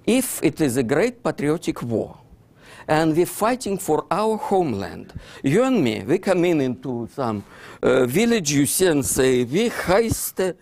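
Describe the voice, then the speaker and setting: A man's voice: fairly high pitch, very animated, unhurried, gravelly, a little mellow. Older man with a heavy Russian accent. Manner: broken English with many fillers and "you see, so". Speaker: author giving a book talk. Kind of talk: lecture presentation.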